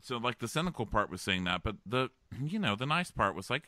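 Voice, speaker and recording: A man chatting casually on a comedy podcast, his pitch swinging widely as he jokes. He is laid-back and fills his talk with "like" and "you know". The sound is close and dry. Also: sing-song, brisk, bright, forceful tone, no echo. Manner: laid-back, lots of filler words, mock voices. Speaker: podcast co-host. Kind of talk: casual comedic recap chat.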